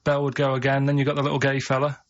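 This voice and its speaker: Male radio regular, Mancunian accent, deadpan rambling, lo-fi studio recording. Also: medium pitch, rapid-fire. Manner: deadpan, plain-spoken rambling. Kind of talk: casual radio banter.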